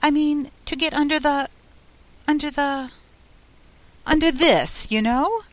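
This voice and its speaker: A woman's voice: high voice, slow, no room sound, pitched above the performer's own voice. A woman voicing a curious young girl who muses aloud and rambles in a storybook reading. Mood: musing. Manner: musing aloud, rambling, eager.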